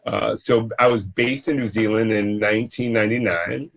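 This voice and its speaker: A man in his fifties, from Massachusetts, telling his career story in a relaxed, conversational interview, with fillers and restarts. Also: on the low side, normal speed, gravelly. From Massachusetts, USA. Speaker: entrepreneur guest.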